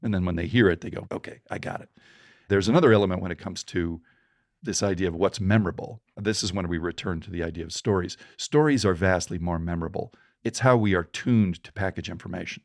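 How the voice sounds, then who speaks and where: A middle-aged man with a low, gravelly voice talks through storytelling advice as a podcast guest. He is animated and acts out the people in his stories. The sound is close and dry. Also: brisk, no room sound.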